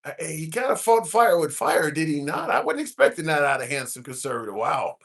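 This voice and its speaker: A man's voice: on the high side, big pitch swings, brisk, fairly bright tone. A man hosting a live-stream debate, repeatedly cutting in to restore order.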